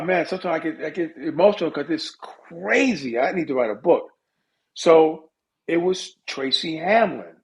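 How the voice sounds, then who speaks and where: A middle-aged man, a music industry guest, telling stories in a casual interview with lively asides. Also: fairly high pitch. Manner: animated storyteller with lively asides. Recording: dull lo-fi audio.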